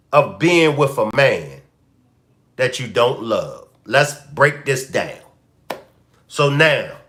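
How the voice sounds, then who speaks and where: Man doing a live stream commentary, aave, bright voice, slow and drawn out, keeps repeating himself at the chat. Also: medium pitch. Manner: animated, repeats questions to the chat. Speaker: commentary show host.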